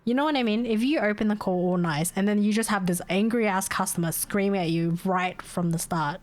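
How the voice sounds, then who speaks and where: A woman's voice: medium pitch, a little fast. A young woman, chatting casually on a live stream, venting in exasperation, laughing often and swearing.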